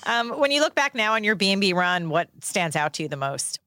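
A woman's voice: medium pitch, very animated, a little fast, pushed and bright, no echo, clean studio sound. A woman interviewing an actor, asking chatty questions and laughing along.

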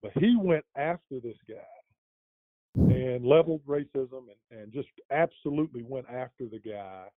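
Over a tinny, phone-like line that's dry and echo-free, a middle-aged interview guest spins out a long anecdote at normal speed. His mid-range voice is expressive, and he chuckles along while rambling with many fillers and restarts.

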